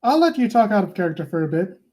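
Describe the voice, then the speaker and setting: A woman's voice: mid-range voice, big pitch swings, fast, warm tone. A woman game master narrating a tabletop game with many hesitant fillers.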